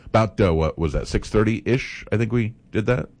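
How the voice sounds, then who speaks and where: A man co-hosts a morning radio show from a studio. His pitch moves a lot as he tells animated stories, and he teases his co-host and laughs often. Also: moderate pace. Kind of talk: casual on-air chat.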